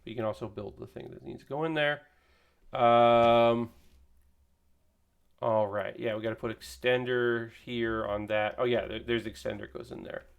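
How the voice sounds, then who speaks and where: A man's voice: mid-range voice, fairly even intonation, moderate pace, gravelly, clean tone, lo-fi sound. A man hosting a casual live stream, chatting in a rambling way with many fillers while he assembles a model kit. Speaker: streamer building model kits.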